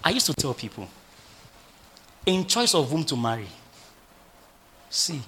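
A male pastor preaching a sermon, animated and full of rhetorical questions to his congregation. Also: on the high side, a little slow, a little hiss or hum.

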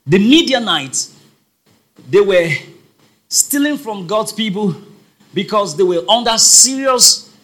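Preaching to his congregation, a man calls out emphatically and keeps repeating his points. His high, bright voice swings widely in pitch, and he stays animated while speaking slowly with frequent pauses.

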